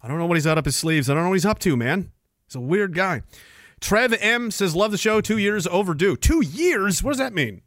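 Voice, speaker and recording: Man, from Canada, stream host, high voice, crude jokes, laughs a lot, dry close sound. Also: very animated, a little fast, fairly bright tone, no echo. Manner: laughs often, crude and joking. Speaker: livestream host reading chat. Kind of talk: casual profane livestream chat.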